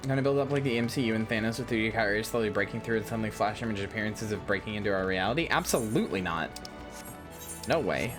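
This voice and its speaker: A man's voice: on the low side, quick pace, over music. A man livestreaming a game, chatting casually with viewers, joking and swearing. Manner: swearing, joking banter with chat. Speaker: streamer. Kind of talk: casual game stream chat.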